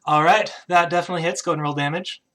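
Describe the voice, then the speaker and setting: A game master narrating a tabletop game, pausing often with "uh" and "kind of". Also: mid-range voice, fairly even intonation, a bit bright. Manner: hesitant narration with many "uh" and "kind of".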